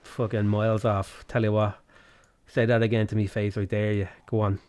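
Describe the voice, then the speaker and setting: A man putting on a menacing rough Dubliner. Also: fairly low pitch, little pitch movement, normal speed, a little mellow, pitched below the performer's own voice, natural voice. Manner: threatening, swearing, slangy. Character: aggressive rough Dublin man picking a fight.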